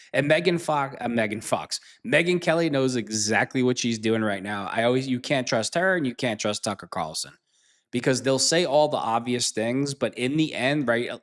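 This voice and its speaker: A man hosting a podcast, giving sarcastic, mocking reaction commentary. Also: medium pitch. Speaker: podcast host.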